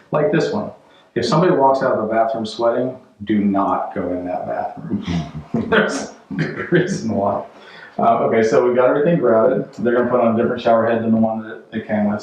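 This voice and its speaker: Joking casually on his home renovation vlog, filmed at a job site and in his car, a man drops dry humor and passing life advice. He has a medium-pitched, darkish voice, captured in audio that is roomy, distant and dull-sounding.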